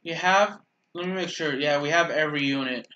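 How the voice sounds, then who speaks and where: Man, gameplay commentary, bright tense voice, rambling, self-correcting, sarcastic asides. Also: on the high side, a little fast, highs cut off. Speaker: gaming channel host.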